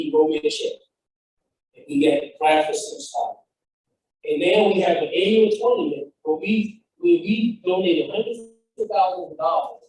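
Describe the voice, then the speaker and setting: A man's voice: a little high, a little mellow, recorded from a distance. Fired-up man in an echoey hall. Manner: fired up, storytelling with quoted dialogue. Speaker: founder and speaker. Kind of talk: motivational talk. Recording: echoey hall, speaker off-mic.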